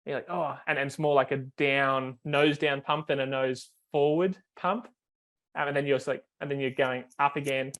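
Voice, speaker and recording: Flat-voiced man coaching with fillers. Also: mid-range voice, moderate pace. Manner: explains step by step with many fillers and restarts. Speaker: foiling coach. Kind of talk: coaching call video review.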